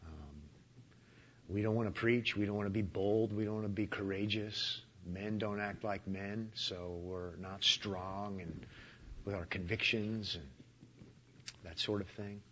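A man speaking bluntly in a conversational interview, with dry humor and thoughtful pauses. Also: on the low side, fairly even intonation, a bit bright, lo-fi sound, a little hiss or hum.

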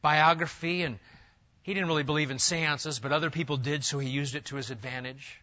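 Bright emphatic preaching man, lo-fi. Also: fairly high pitch, steady tone, fairly quick. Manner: emphatic preaching, lists in rising bursts. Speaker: pastor. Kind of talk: sermon. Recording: dull lo-fi sound.

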